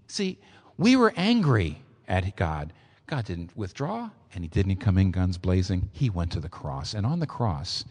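A male preacher delivering a sermon with a lively, swooping voice that jumps high when he stresses a point. He sounds like he's speaking in a large hall, and his words trail off into a long echo. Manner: animated preaching, pitch rising sharply for emphasis. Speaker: pastor.

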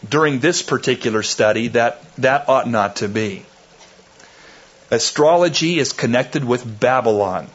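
Male preacher mid-sermon, slow and measured, bursts into loud dramatic emphasis, dull lo-fi tape. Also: mid-range voice. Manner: slow, deliberate phrasing. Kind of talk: expository sermon.

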